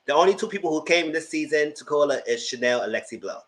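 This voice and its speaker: A man's voice: on the high side, fast talker. A man co-hosting a casual live review, chatting through a TV episode and acting out scenes. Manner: animated, reenacts scenes in quoted voices. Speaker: TV review co-host.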